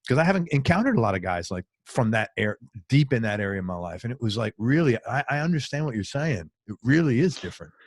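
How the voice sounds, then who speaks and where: Man, interview host, mid-pitch voice, enthusiastic and agreeable, dry close sound. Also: big pitch swings, fast talker, few pauses, dry recording. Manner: enthusiastic, affirming listener. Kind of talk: casual interview chat.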